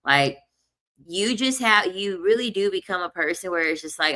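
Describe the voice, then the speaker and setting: Young woman, bright forceful voice, lowish pitch, animated storytelling vlog, repeats herself. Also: moderate pace. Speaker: vlogger. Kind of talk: casual storytelling monologue.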